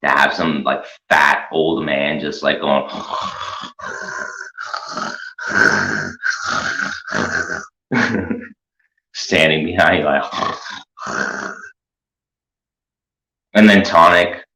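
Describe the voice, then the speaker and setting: A man's voice: extremely low pitch, steady tone, very slow, pauses often, sharp tone. A man hosting a commentary show, rambling through a crude, mocking, profane rant. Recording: echoey room.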